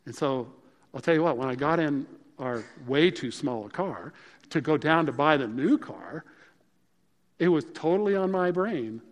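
A man's voice: fairly high pitch, lively intonation, normal speed. A man preaching a sermon, telling personal stories in a conversational, humorous way. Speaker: pastor. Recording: long reverb of a large hall.

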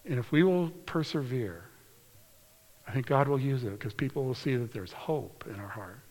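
A man preaching a sermon, reading scripture aloud in an earnest way and slowing down or dropping to a hushed whisper for emphasis. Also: medium pitch, expressive. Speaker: pastor. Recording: long hall reverb.

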